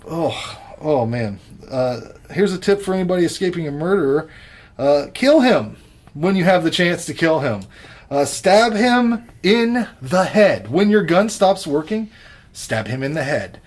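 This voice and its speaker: A man co-hosting a podcast, chatting casually about horror films with a profane, joking, animated delivery. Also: a little high, moderate pace. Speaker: podcast co-host. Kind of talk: casual movie review chat.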